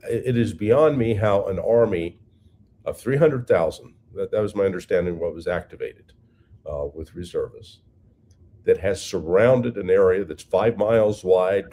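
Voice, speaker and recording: A man's voice: on the low side, warm tone, breathy edge. A man giving blunt political commentary as a guest analyst, repeating words and using many fillers.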